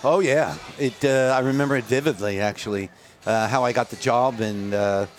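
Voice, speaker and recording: A man's voice: medium pitch, normal speed, a little hiss or hum. Candid older man telling rock stories. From United States. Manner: candid, profane, animated when telling stories. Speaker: interview guest, rock singer. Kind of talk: casual interview storytelling. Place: outdoors at a festival.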